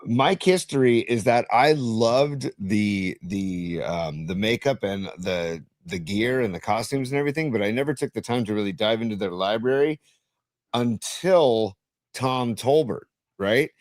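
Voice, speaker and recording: Lower-voiced man, halting and casual. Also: no room sound. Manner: halting, lots of ums and restarts. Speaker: podcast co-host. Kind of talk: casual sports and music chat.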